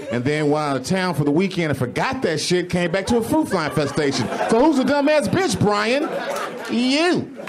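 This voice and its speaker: Dude doing standup in a club, swears a lot, squeaks way up high for bits, loud crowd laughing behind. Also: male voice, noisy background. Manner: animated, profane, jumps to high exclaimed voices. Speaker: stand-up comedian. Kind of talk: stand-up comedy set. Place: comedy club stage. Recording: live club recording with crowd. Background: audience laughing.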